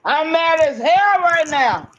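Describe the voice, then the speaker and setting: Agitated woman ranting slowly, lo-fi sound. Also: high-pitched, lively intonation. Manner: emphatic, swears often, repeats herself. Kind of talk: agitated rambling monologue.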